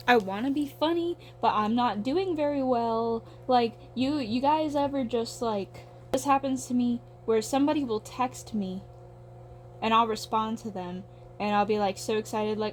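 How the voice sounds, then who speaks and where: A young woman with a voice pitched a little high, rambling through a casual monologue as she draws. She swears freely and pokes fun at herself, over a faint hum in the background. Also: normal speed. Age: young adult. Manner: rambling, profane, self-deprecating. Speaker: vlogger.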